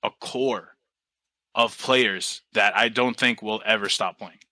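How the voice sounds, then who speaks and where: Bright-voiced New man telling stories. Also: lowish voice, slow pace, dry recording, low-quality recording. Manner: relaxed, animated storytelling with casual swearing. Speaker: podcast guest, team coach. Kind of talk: casual interview storytelling.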